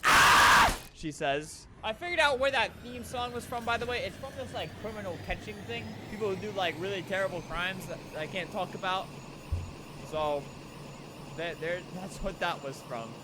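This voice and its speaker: A man giving excitable gameplay commentary, yelling at other players and tossing out quick jokey asides. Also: high-pitched, noisy background. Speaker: gaming video creator. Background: faint game music.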